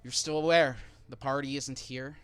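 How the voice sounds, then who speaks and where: A man's voice: medium pitch, fairly even intonation, clean tone. A man narrating as dungeon master, describing scenes and prompting players. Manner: brisk, plain narration with asides to players. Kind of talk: narrating a tabletop game.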